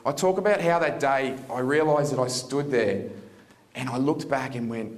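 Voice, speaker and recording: A man's voice: medium pitch, moderate pace. Earnest man giving testimony. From Australia. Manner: earnest, searching, with many restarts. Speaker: seminar speaker. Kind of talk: personal testimony talk. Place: live conference stage.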